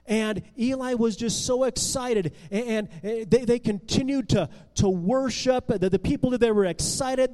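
A man telling a Bible story to children in a chatty, animated way, often restarting words, in a room with long reverb. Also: high voice. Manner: animated, conversational, with repeated restarts.

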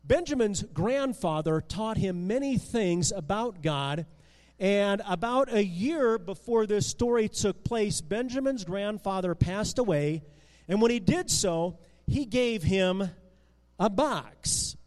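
A man telling a Bible story to children in a chatty, animated way, often restarting words, in a room with long reverb. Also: high voice, takes it slowly. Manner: animated, conversational, with repeated restarts.

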